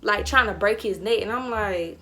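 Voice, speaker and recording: A young woman vlogger telling a storytime in a casual, animated way, full of slang and acted-out dialogue. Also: mid-range voice, moderate pace, faint music behind.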